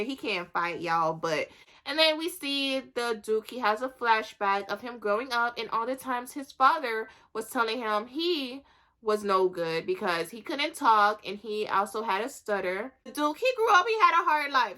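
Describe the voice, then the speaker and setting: A woman casually recapping a TV episode for her channel, telling the story in a chatty, animated way and acting out the characters' lines. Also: on the high side. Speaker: YouTube recap host.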